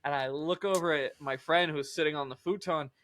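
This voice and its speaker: A man's voice: a little high, fairly quick, a bit bright, no room sound. A young man casually telling a long story on a podcast, rambling and swearing with lots of filler words. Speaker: podcast co-host.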